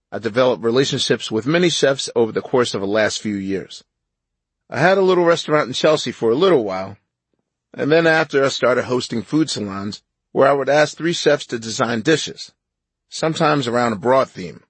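A man narrating his own nonfiction audiobook in a measured, reflective way. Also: medium pitch, husky, dry recording.

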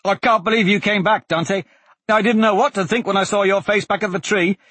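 A man voicing a boisterous young male swordsman who talks loudly and fast with excitement. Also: high-pitched, slightly rough, dry recording, pitched above the performer's own voice, heavily acted. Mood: exuberant.

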